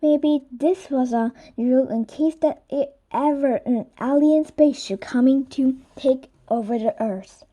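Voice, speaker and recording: A woman's voice: sits high, measured pace, few pauses, warm tone. A woman reading a children's chapter book aloud. She sometimes stumbles and corrects herself, gives the children in the story livelier voices, and drops to a whisper for asides. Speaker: reader.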